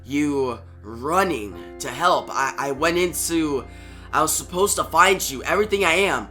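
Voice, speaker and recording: A man reading out the lines of a grieving masked hero in a low, hushed voice. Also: expressive, measured pace, soft background music. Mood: sorrowful, hushed. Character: grim male caped hero, grieving and quiet.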